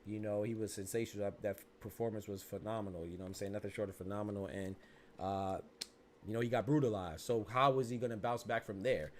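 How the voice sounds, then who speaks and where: A man hosting a podcast, giving casual, animated, rambling commentary that keeps circling back to "you know what I'm saying.". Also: fairly low pitch, fast, a little hiss or hum. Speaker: podcast host.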